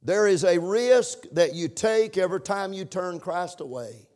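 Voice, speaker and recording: A man preaching in church with a somewhat high voice. He builds to loud, emphatic lines, then drops to quiet asides to the congregation. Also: lively intonation, unhurried. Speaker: pastor. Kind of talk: sermon.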